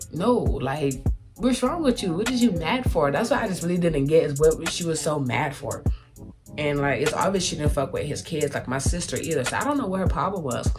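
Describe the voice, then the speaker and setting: A young woman telling a personal story in candid, profane casual talk, acting out other people's lines. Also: low voice. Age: young adult. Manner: candid, profane, quotes people in raised voices. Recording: music playing loudly behind.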